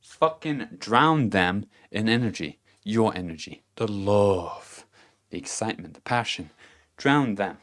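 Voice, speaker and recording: A man's voice: on the low side, lively intonation, a little slow, fairly bright tone. A man giving a casual motivational monologue to camera, blunt and profane, chuckling between his points. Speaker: vlogger.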